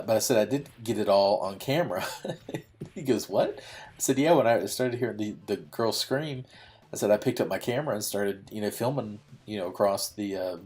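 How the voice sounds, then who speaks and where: A man's voice: fairly low pitch, darkish tone. A young man telling a long story while playing a game, rambling with lots of fillers and frequent laughs. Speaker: gaming YouTuber.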